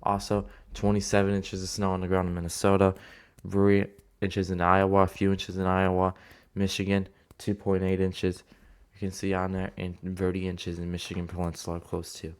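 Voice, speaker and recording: A man's voice: low-pitched, monotone, moderate pace, a little mellow, clean tone. A man casually talking through weather forecast maps, rambling with many fillers and restarts. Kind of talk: casual weather map walkthrough.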